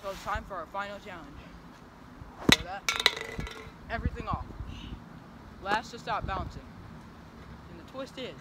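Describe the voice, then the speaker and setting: A high-pitched young guy hosts a casual trampoline challenge vlog outdoors, upbeat and playful as he talks to his viewers. He sounds tired and a little winded, and loud outdoor noise sits under the whole handheld camera recording. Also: lively intonation, normal speed, pauses often. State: tired, out of breath. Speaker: vlogger.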